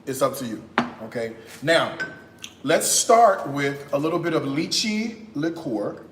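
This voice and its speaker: An American man hosting a live cooking stream in a kitchen, talking in a sassy, animated way and tagging his lines with "okay?". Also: on the high side, unhurried, a little hiss or hum. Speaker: cooking show host. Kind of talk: casual live-stream chat while cooking. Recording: roomy echo.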